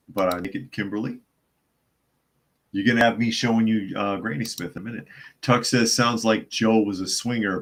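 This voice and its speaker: A man's voice: lowish voice, fairly bright tone. A man hosting a casual live stream, chatting and reading viewer comments aloud between laughs. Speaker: host.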